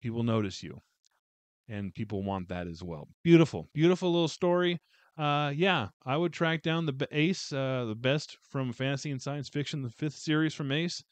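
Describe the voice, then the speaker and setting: A man's voice: medium pitch, expressive, normal speed, no echo. A man giving a casual, heartfelt book review, rambling with many fillers and restarts.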